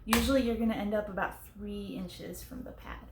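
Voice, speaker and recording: A young woman teaching a drum pad exercise, explaining strokes clearly step by step and counting beats aloud. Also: medium pitch, fairly even intonation, a little fast, darkish tone, a little hiss or hum. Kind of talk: casual instructional explanation. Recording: echoey room with faint ambience.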